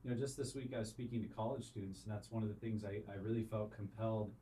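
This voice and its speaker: Mellow low-voiced male podcast host. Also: steady tone, fast talker, slight background noise, low-quality recording. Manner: earnest, affirming, reflecting back what he hears. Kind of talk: podcast conversation.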